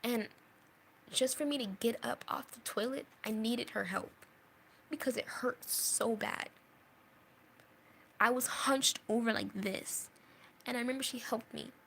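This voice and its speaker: A woman's voice: fairly high pitch, vocal fry, fairly bright tone, slight background noise. A young woman telling a storytime vlog in an earnest way, repeating phrases and dropping into whispers at painful moments. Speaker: vlogger.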